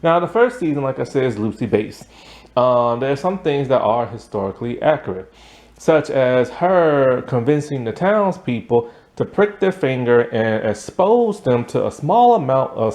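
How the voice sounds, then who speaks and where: A man's voice: mid-range voice, a little mellow. A young man casually reviewing a TV series, rambling with lots of ums and likes and chuckling now and then.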